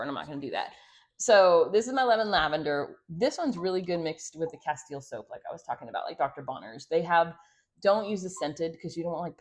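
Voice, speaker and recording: A woman with a slightly low voice talks her viewers through a homemade project in a casual, chatty way. She rambles, drifts into asides and fills her pauses with little hesitations. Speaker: homestead vlogger. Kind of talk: casual how-to chat.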